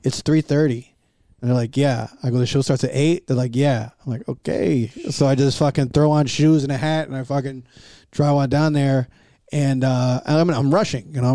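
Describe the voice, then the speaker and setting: Comedian telling a profane road story. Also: male voice, medium pitch, dark tone, dry recording, studio quality. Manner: profane, quick anecdote with quoted dialogue. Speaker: stand-up comedian. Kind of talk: casual storytelling.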